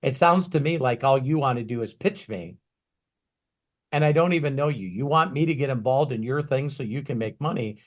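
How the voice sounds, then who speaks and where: A man coaching in a Q&A talk, emphatic and ranting, swinging from quiet asides to loud bursts. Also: mid-range voice, moderate pace. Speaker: business coach.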